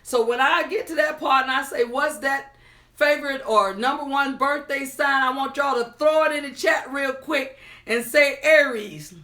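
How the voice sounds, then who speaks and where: A woman's voice: high voice, moderate pace, sharp tone. A woman hosting a casual livestream, chatting and greeting viewers by name as she reads their comments aloud. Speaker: livestream host.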